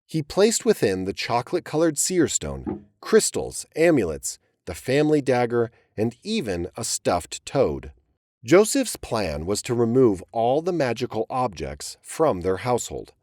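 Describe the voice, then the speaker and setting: Animated male storyteller, dry close sound. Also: medium pitch, unhurried, dry recording. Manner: expressive storytelling reading. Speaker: narrator. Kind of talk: dramatic audiobook narration.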